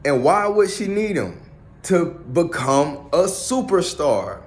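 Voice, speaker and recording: Blunt, profane man talking slowly. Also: fairly high pitch, big pitch swings. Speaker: commentator. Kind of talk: casual opinionated monologue.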